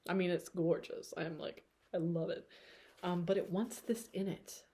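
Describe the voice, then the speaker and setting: A woman's voice: lowish voice, level tone, normal speed, dark tone. A woman with a tired throat giving a casual tarot reading to camera, chatty and rambling with frequent laughter. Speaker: tarot reader.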